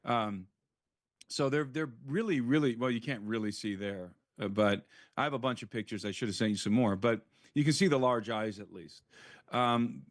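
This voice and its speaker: A man's voice: medium pitch, moderate pace, no echo, studio quality. A man speaking as an interview guest, giving an earnest, frank first-hand account in conversation.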